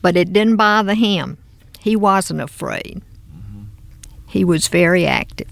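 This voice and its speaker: An older woman with a Southern US accent, a guest recalling her past in an unhurried, storytelling way. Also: on the low side, vocal fry, no echo. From American South. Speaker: interview guest. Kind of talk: reminiscing in conversation.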